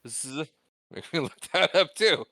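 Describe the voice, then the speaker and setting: Unhurried and lively in intonation, this higher-voiced man co-hosts a casual film podcast with a sharp tone. He often laughs, is self-deprecating and reads the credits aloud, and the recording is dry.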